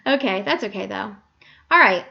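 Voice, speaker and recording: A woman teaching a screen-recorded software lesson, patiently talking through each click and correcting her own slips aloud. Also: mid-range voice, expressive, moderate pace, gravelly, dull audio.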